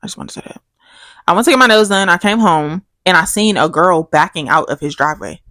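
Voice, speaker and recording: Young woman, casual podcast co-host, low-ish voice, dry close mic, animated storyteller. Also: fast talker, no echo. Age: young adult. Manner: animated storytelling, acts out quotes with big pitch jumps. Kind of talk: casual chat.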